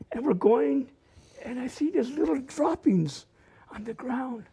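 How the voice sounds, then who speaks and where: A man's voice: very high voice, animated, takes it slowly, gravelly, dark tone, husky. An older man telling self-mocking childhood stories at a library open mic, laughing as he goes. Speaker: storyteller. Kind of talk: open-mic personal storytelling. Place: library event room.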